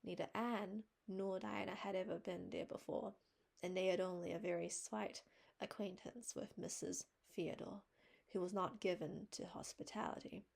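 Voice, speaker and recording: A woman's voice: fairly low pitch, fairly even intonation, normal speed, creaky, a little mellow. A woman reading a classic novel aloud, narrating plainly and steadily. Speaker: reader. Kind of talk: storybook narration.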